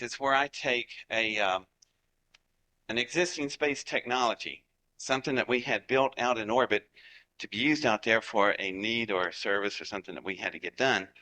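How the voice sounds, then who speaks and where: A man's voice: on the low side, pushed and bright. A man with a Southern US accent giving a folksy storytelling talk to a live audience, chatty and joking with the crowd. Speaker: speaker addressing a live audience.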